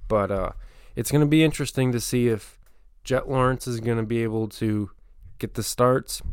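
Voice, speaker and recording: A man talks on his own in a loose, conversational way, drifting between thoughts and filling pauses with small hesitations. His voice sits a little low and sounds smooth and clean. The recording is dry, with no room echo. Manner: rambling, conversational, frequent fillers and restarts. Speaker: motocross channel host. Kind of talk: casual solo commentary.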